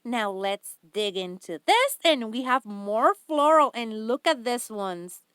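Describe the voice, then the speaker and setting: A woman's voice: fairly high pitch, lively intonation, takes it slowly, fairly bright tone, clean tone, dry recording, studio quality. A woman hosting a craft haul vlog, gushing and giggling with enthusiasm over each item. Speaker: craft channel host.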